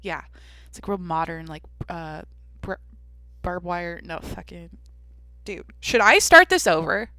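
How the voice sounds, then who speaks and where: A young woman talks straight into a podcast microphone, hopping from one aside to the next and swearing freely. Her voice is bright and a little sharp. The sound is close and dry, with no room around it. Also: fairly low pitch, animated, unhurried, long pauses, no room sound. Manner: rambling, profane, self-interrupting storytelling. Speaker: podcast host. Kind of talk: solo podcast monologue.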